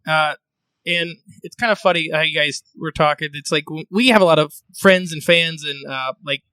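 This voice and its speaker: A podcast host chats in a bright, clear voice pitched a little high for a man. He talks loosely, with fillers and jokes. The sound is close and dry. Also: normal speed, no room sound, poor audio. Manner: chatty, with fillers and joking asides. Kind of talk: casual chat.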